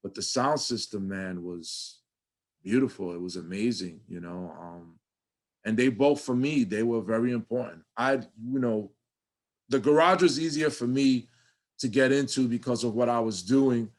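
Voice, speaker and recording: Middle-aged man, New York accent, lively swearing storyteller, casual interview guest. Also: medium pitch, normal speed. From New York City. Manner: animated, swears freely, acts out his younger self.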